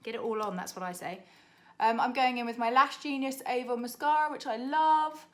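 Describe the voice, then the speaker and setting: A young British woman, a makeup artist, chatting to camera in a rushed, laughing tutorial while doing her makeup. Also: a little high. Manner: chatty, rushed, laughing under time pressure.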